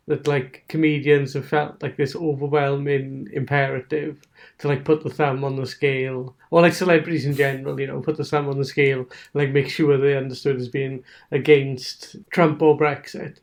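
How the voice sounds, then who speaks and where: A man's voice: a little high, gravelly. A man talking as a podcast guest in a rambling, sweary way, laughing between his points. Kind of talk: casual podcast chat.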